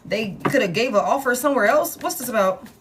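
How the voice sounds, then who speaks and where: A woman's voice: fairly high pitch, expressive, fairly quick, over music. Blunt, cursing woman reading tarot. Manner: blunt and profane, thinking aloud while pulling cards; talks straight to her viewers. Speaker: tarot reader. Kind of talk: live collective tarot reading.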